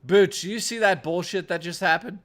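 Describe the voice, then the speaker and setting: This male streamer speaks at a moderate pace in a high-sitting, fairly bright voice. Chatting casually with his audience, he reads chat messages aloud and cracks profane jokes.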